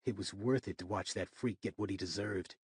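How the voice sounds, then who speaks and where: Guy doing a crude swearing college bro, husky. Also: low voice, fairly quick, a little mellow, no room sound, studio quality, pitched below the performer's own voice. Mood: aggressive. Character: crude aggressive young male college friend.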